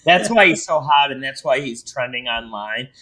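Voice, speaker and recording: Male podcast host, bright tone, loose and jokey delivery. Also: mid-range voice, lively intonation, normal speed, slight background noise, poor audio. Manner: joking, rambling, teasing his co-host. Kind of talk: casual podcast chat.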